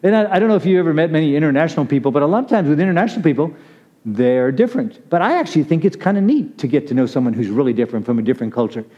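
A man's voice: fairly high pitch, animated, very fast. A man giving a casual, conversational sermon, chatty and laughing as he calls on listeners by name. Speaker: preacher. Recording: muffled lo-fi recording.

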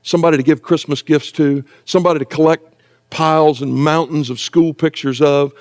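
High-voiced preacher man. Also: darkish tone. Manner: conversational preaching with asides and humor. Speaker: pastor. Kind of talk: sermon. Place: church sanctuary.

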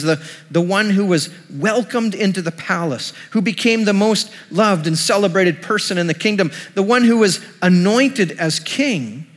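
A male pastor delivers a sermon, retelling a scripture story as he goes. His voice sits a little high for a man. A long reverb trails each phrase, as in a church hall. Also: fairly bright tone.

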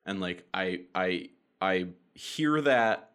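Bright low-voiced wry man. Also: lively intonation, slow pace, clean tone. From South Carolina, US. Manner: wry, hesitant, self-correcting. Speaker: podcast co-host. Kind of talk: casual podcast chat.

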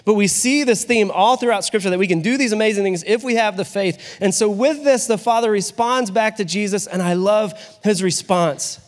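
A pastor delivers a sermon in a relaxed, conversational style, frequently asking rhetorical questions. His voice is high for a man, he speaks at normal speed with barely any pauses, and his words fade into the long echo of a large hall.

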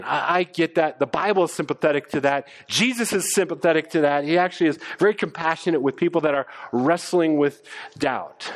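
A middle-aged man preaching a sermon as pastor, animated, often stammering on restarts. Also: fairly high pitch, a little fast. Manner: animated, stammers on restarts, acts out quoted voices.

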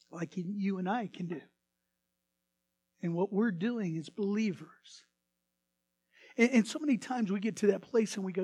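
A man preaching a sermon as pastor, swinging between hushed asides and sudden loud bursts. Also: high voice, no room sound.

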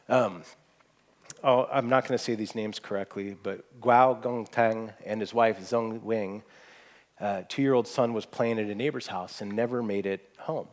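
A man preaching a sermon to a room, earnest and emphatic, climbing to strong peaks and dropping to soft, hushed asides. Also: lowish voice, fairly even intonation, a little slow. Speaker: pastor. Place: church hall with audience.

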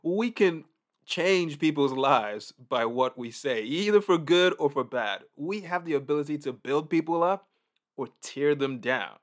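A man preaching a casual, conversational sermon in an animated way, often acting out reactions. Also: on the high side, measured pace.

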